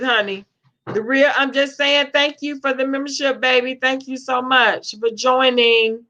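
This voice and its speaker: A woman's voice: sits high, fairly even intonation, unhurried, sharp tone. A woman chatting casually on a live stream, reading the chat and calling viewers babe. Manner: chatty, Southern slang, greets viewers as babe. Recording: lo-fi dull stream audio.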